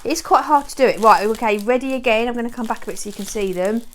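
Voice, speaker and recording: A woman's voice: on the high side, fast, a little hiss or hum. A woman chatting as she shows how she trains her dogs, rambling and often cheering them on. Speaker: dog owner showing training. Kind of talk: casual how-to vlog.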